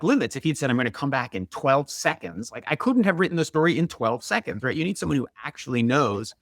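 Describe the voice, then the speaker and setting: Middle-aged man, gravelly edge, dry close sound; chatty storyteller, lots of "like.". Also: on the high side, no echo. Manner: animated, quick, with many "like" and "right?". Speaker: guest, author and marathoner. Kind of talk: conversational storytelling.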